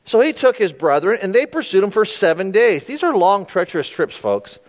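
Preacher guy, kinda high voice, chatty asides mid-sermon. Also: sing-song, a little fast. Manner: folksy, conversational asides to the congregation. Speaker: pastor.

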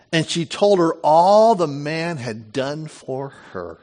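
A middle-aged man preaching a sermon, reading scripture aloud and breaking off into lively asides and family stories. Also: fairly high pitch, slow, hardly any pauses. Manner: animated storytelling, reads scripture with lively asides. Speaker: pastor.

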